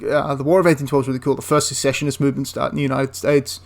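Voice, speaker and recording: A man's voice: mid-range voice, little pitch movement, racing, creaky. A man giving a casual, enthusiastic spoken review of a tabletop wargame, rambling into asides and restarting his sentences.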